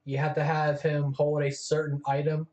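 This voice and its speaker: A man's voice: on the high side, completely flat delivery, normal speed, a little mellow. A man co-hosting a casual chat, talking eagerly and freely. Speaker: co-host. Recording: echoey room, dull lo-fi sound.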